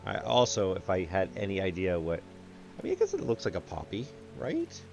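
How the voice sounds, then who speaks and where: This is a man giving let's-play commentary on a puzzle game. He thinks aloud in casual asides, trailing off and restarting. His voice is very low and gravelly. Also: huge pitch swings, brisk, a little mellow, lo-fi sound, soft background music. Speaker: game reviewer.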